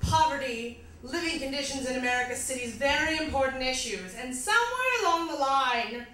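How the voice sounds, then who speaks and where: A woman performs character stand-up in a mock British accent. Her voice is high and bright, and her delivery is grandiloquent and pompous as she laughs at her own lines. The sound is distant and echoey, with a faint hiss in the hall. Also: animated, normal speed. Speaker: comedian performing a one-woman show. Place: comedy festival stage.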